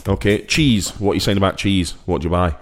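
A man co-hosting a comedy podcast, chatting casually and ranting in an excitable way that jumps up into high squeaky bursts. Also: quick pace, faint music behind. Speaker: podcast co-host.

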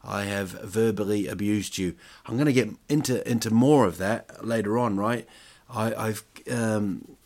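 Rambling, self-mocking man with a low voice. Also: fairly even intonation, a little slow, darkish tone. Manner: self-mocking, jokey, many fillers and restarts. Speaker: podcast host. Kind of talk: rambling solo monologue.

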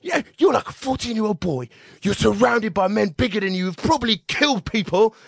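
A man doing an impression of an enraged, gruff man yelling and swearing at a teenage actor. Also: high-pitched, animated, a little fast, dry recording, clean studio sound, pitched above the performer's own voice, heavily acted. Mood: furious. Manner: shouting, swearing, intense.

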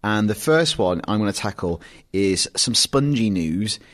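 A British man co-hosts a podcast in relaxed, joking chat. His voice sits on the low side, and he turns dry and teasing when he reads other people's words aloud. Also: unhurried. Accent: British English. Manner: jokey, dry, reads quotes aloud mockingly. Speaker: podcast co-host. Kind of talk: casual chat.

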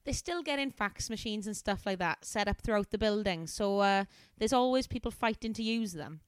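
A woman's voice: mid-range voice, normal speed, clear, resonant tone, no room sound, natural voice. A woman voicing a chatty young female office temp in a put-on Welsh accent, confiding and talkative.

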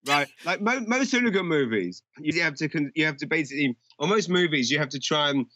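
A man's voice: on the high side, lively intonation, brisk, bright, forceful tone, lo-fi sound, slight background noise. A man co-hosting a film podcast, chatting casually with a rambling, restart-heavy delivery. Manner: rambling, lots of restarts and fillers. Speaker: podcast co-host.

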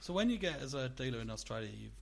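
A man's voice: medium pitch, big pitch swings, fast, creaky. A male podcast host asking curious follow-up questions in casual chat.

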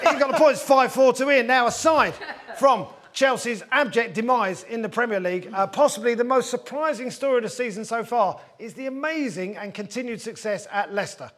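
A man's voice: extremely high pitch, brisk, fairly bright tone. A man hosting a comedy panel show, telling wry jokes between topics. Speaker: host.

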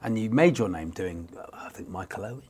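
A man's voice: on the low side, expressive, brisk, darkish tone, husky. A man hosting a football quiz podcast, teasing guests with a jokey, theatrical manner. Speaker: quiz show host. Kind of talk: podcast presenting and banter.

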